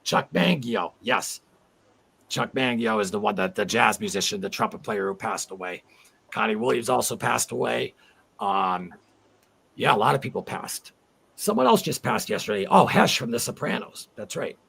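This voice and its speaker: A man's voice: medium pitch, expressive, moderate pace, vocal fry, fairly bright tone, husky. A man in his forties hosting a casual livestream chat, rambling and heartfelt as he reads viewer comments aloud. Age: 40s. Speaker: livestream host.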